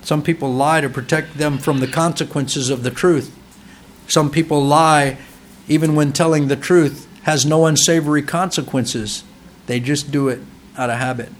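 A man's voice: a little high, steady tone, normal speed, slight background noise. A male pastor preaching a sermon, asking rhetorical questions, building to emphatic peaks and acting out quoted voices. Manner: acts out children and parents in quoted voices.

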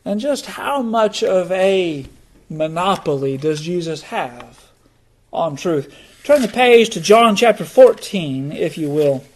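A middle-aged man preaching a sermon, slow and deliberate, letting key words drop low for emphasis. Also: animated. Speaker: pastor.

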